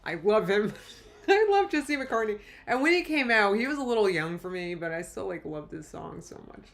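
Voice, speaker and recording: A woman hosts a casual live react stream, chatting loosely about videos, reading viewer comments aloud, and laughing often. Her mid-range voice is gravelly and sing-song, at a moderate pace, and her manner is rambling and chatty.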